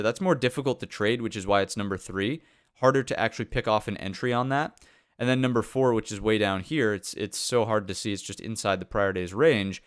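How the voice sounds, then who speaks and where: A man's voice: lowish voice, clean tone, no room sound, clean studio sound. A man hosting a live pre-market trading stream, talking through charts in a conversational way and often checking in with "right?". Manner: conversational, thinks aloud with fillers and "right?". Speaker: market analyst host.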